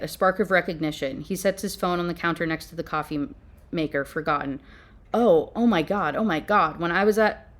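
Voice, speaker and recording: A young woman talks through a novel she is reviewing, reading bits aloud and then cutting in with exasperated commentary. She sounds animated and fed up. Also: mid-range voice. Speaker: book reviewer. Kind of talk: ranting book review with read-aloud passages.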